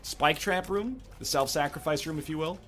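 This gameplay commentator sounds a little high and a bit bright, talking at a normal speed over slight background noise. He rambles and jokes while he plays, tossing out wry asides.

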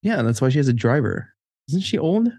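A man's voice: mid-range voice, very animated, brisk, warm tone, breathy edge, no room sound, clean studio sound. A man co-hosting a podcast in casual, easygoing conversation, steering the talk between topics. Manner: easygoing, conversational, leads segments. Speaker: podcast co-host. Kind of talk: casual chat.

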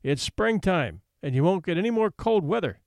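A man's voice: high voice, lively intonation, normal speed, creaky, no echo, studio quality. A man voicing plainspoken frontier onlookers with a drawling, folksy way of talking.

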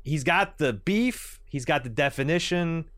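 A man co-hosting a podcast chats casually, rambling and hesitant, with many fillers and restarted sentences. His voice is fairly high, animated, unhurried and a bit bright, recorded with no room sound.

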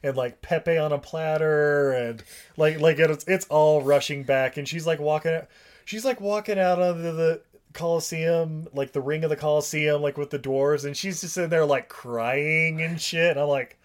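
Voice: medium pitch, moderate pace. Casual co-host, loose rambling recap, heavy fillers, jumps into character voices. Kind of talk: casual chat recapping a film.

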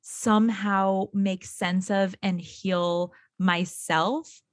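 A woman's voice: medium pitch, fairly even intonation, drawn-out words, dry recording, studio quality. A woman hosting a podcast interview, talking earnestly and enthusiastically in long flowing sentences. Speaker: podcast host. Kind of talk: casual interview chat.

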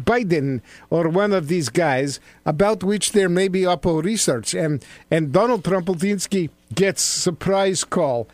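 Man, middle-aged, high voice, rambling satire, stammering restarts, dry close mic. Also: a little mellow, no room sound. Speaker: show co-host, former congressman. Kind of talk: satirical political chat.

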